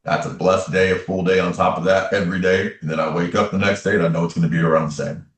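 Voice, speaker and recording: A man with a very low voice tells a personal story as an interview guest. He speaks earnestly and repeats key phrases for emphasis. He sounds a little distant from the mic, in a room with noticeable echo. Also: steady tone, fast. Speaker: interview guest, tarot reader and medium.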